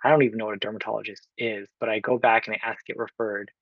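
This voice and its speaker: As a podcast guest, an Oakland, California man in his twenties earnestly recounts his own story, quoting what others told him and filling it with fillers. He speaks in a lowish, breathy voice with little pitch movement, racing along, on a dry, lo-fi recording.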